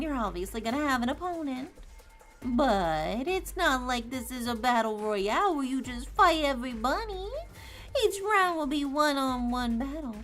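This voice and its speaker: A woman's voice: on the high side, vocal fry, a bit bright, heavily acted. A woman voicing a mischievous male AI rabbit game master in a put-on Southern drawl, reading a visual novel aloud on stream with a taunting, singsong manner.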